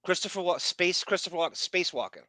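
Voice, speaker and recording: A man's voice: high-pitched, fast talker, dry recording. A man hosting a casual podcast, reading live chat and ranting with lots of laughter. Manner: animated, ranting, laughs often. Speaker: podcast host.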